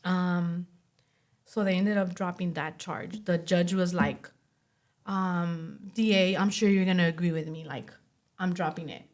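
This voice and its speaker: As a podcast guest, a late-twenties woman chats casually through her story, sprinkling in "like" and acting out quoted dialogue. Her voice is low-leaning, steady and darkish in tone, with a slightly slow pace.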